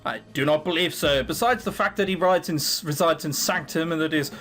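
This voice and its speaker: A man's voice: a little high, fairly quick, a bit bright, lightly acted. A man voicing a proud, formal male warrior who talks stiffly in a visual novel reading. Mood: solemn.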